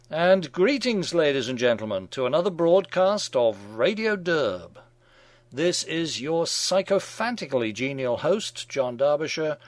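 A man's voice: medium pitch, no echo. A middle-aged man hosting a radio show, reading scripted satirical commentary in a wry, mock-genial manner.

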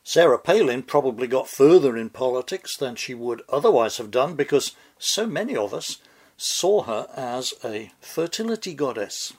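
A man delivering scripted satirical commentary in a dry, deliberate, sardonic manner. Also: a little high. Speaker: commentary host.

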